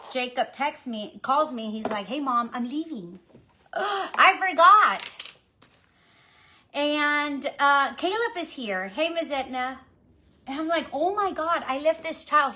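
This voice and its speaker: A chatty middle-aged woman from the Houston area recounts her hectic morning to her viewers. Her voice sits a little high, and she talks in an animated, rambling way. She keeps turning to the audience with "y'all.". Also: a little hiss or hum. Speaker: mother telling a story on a live stream. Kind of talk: casual storytelling.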